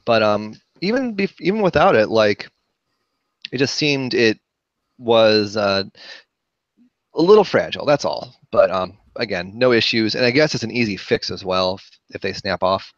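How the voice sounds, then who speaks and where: A man's voice: fairly low pitch, lively intonation, normal speed, dry recording. Man, podcast co-host, casual, hesitant, muffled dull audio, dry. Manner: hesitant, many fillers, trails off. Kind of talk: casual chat.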